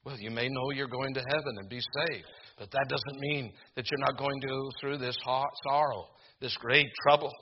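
An older man preaching a sermon to a congregation, earnest and halting, with frequent fillers and restarts. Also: medium pitch, fairly even intonation, muffled recording, noisy background. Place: room with a congregation.

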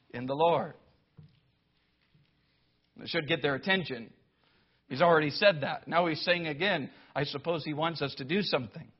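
A man preaching a sermon to a congregation, emphatic and building to loud declamation, with wry sarcastic asides. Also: fairly high pitch. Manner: emphatic, rising to loud declamation when quoting scripture. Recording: dull lo-fi sound.

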